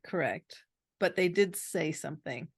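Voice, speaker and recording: A woman co-host in a relaxed podcast chat, speaking slowly and at ease. She quizzes her partner with odd trivia and breaks into laughter often. Her voice is recorded close and dry, with no room sound. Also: on the low side, husky, no echo. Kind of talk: casual chat.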